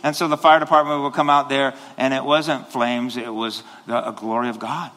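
Bright-voiced preacher man in a reverberant hall. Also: medium pitch, steady tone, moderate pace. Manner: rambling, with many restarts and sudden passionate rises. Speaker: pastor. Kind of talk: sermon. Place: church sanctuary.

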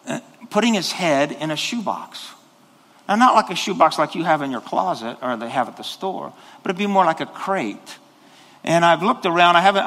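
A man's voice: a little high, fairly bright tone. A man preaching a sermon as pastor, rambling with restarts and then rising into sudden passionate bursts. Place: church sanctuary. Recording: long hall reverb.

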